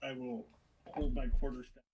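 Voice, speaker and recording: A man's voice: mid-range voice, level tone, normal speed, gravelly, a little mellow, recorded from a distance, a little hiss or hum. A man playing in a tabletop game, wry and self-mocking. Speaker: player. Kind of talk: casual tabletop play.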